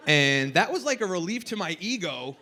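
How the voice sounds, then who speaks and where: A young man doing a stand-up comedy set on a festival stage, with a loose, rambling delivery full of "like" and shouting over the crowd at times. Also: high voice, very animated, moderate pace, a little hiss or hum.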